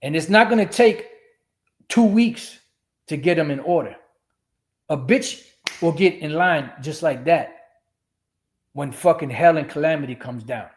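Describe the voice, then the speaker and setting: Brief: man streaming a profane, rambling religious rant, fairly high-pitched voice. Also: lively intonation, unhurried, long pauses. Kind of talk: ranting religious commentary.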